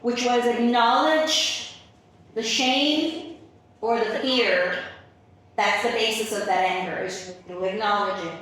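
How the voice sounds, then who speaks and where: Woman, podcast host, emphatic, repeats for stress, fairly high voice, very echoey room. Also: fairly even intonation, slow pace, a bit bright. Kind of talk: reflective conversation. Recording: echoey room, mic far off.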